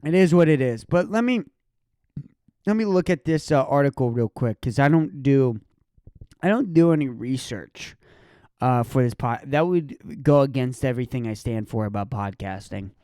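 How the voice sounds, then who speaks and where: Profane, mocking young podcast ranter. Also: male voice, mid-range voice, lively intonation, normal speed, no room sound, studio quality. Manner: profane, mocking, sarcastic rant with sudden shouts. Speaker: podcast host. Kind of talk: solo podcast rant.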